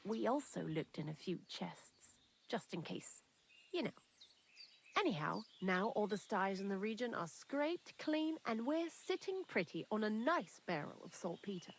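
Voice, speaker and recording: Gravelly and a little slow, a woman's mid-range voice swings widely in pitch as she voices a game character against slight background noise. The character, a talkative young woman hiding out in a thieves' lair, comes across as chatty, candid and dryly morbid.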